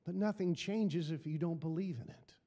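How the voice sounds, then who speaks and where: A man's voice: on the high side, moderate pace, warm tone, long reverb tail. A middle-aged man preaching a sermon as pastor, building emphasis through repeated phrases. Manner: preaching with rising emphasis and repetition.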